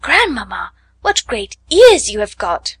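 A woman's voice: a little high, huge pitch swings, measured pace, slightly rough, no room sound, full character voice. An innocent little fairy-tale girl, polite and trusting, as a woman reading aloud puts her on. Her voice lifts above the reader's own into a wondering, childlike tone. The sound is dry and close.

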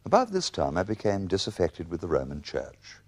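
A man's voice: sits low, huge pitch swings, brisk. An English man telling a spoken-word memoir in wry, ornate, theatrical language. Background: instrumental music.

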